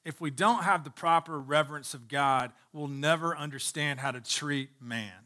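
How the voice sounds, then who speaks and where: A man's voice: on the high side, moderate pace, sharp tone. A man preaching a sermon to his congregation as pastor, speaking emphatically, repeating phrases for stress, and addressing listeners directly.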